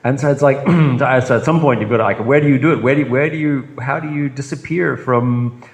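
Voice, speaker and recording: A man talking in a reflective group discussion circle, halting and full of restarts, breaking into laughter at himself. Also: medium pitch.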